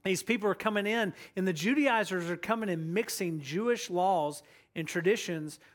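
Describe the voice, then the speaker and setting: A man's voice: sits high, moderate pace. A man preaching a sermon as guest pastor, earnest and eager, often restarting his sentences. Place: church sanctuary.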